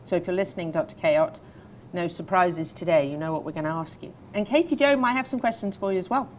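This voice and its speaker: A woman's voice: lowish voice, fast talker, slight background noise. An English woman hosting a talk show from a studio, chatting playfully and reading news, laughing easily. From England. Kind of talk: casual chat and news reading.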